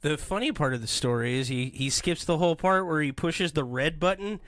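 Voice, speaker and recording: A man hosting a podcast, telling stories in an animated, rambling way in a casual comedic chat. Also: on the high side, a little fast. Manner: animated, rambling storytelling with voices. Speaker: podcast host.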